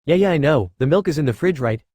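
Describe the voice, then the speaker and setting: Ein Mann liest sanften jungen Vater und Helden. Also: male voice, fairly high pitch, lively intonation, fast talker, darkish tone, no echo, clean studio sound. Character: young male hero and new father, gentle.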